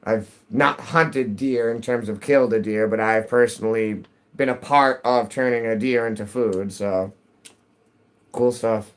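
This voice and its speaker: A man's voice: medium pitch, steady tone, a little slow, rough recording. A man live-streaming a game, chatting casually with viewers in a rambling, jokey way, his voice cracking. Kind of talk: casual live-stream chat while gaming.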